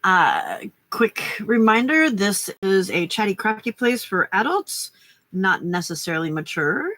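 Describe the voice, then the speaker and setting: A woman's voice: mid-range voice, fairly bright tone. An older woman hosting a late-night craft livestream, chatting casually with a stuffy nose, rambling and greeting viewers by name. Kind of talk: casual chat while crafting.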